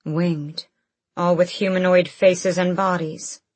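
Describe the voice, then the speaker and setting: Slow, husky woman narrating an audiobook. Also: on the low side, little pitch movement, dry recording.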